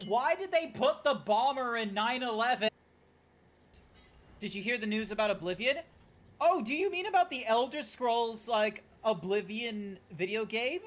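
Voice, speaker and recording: A man's voice: high voice, a bit bright. A young man streaming a game, chatting casually with his viewers in a rambling, joking way, swearing now and then. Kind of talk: casual gameplay streaming chat.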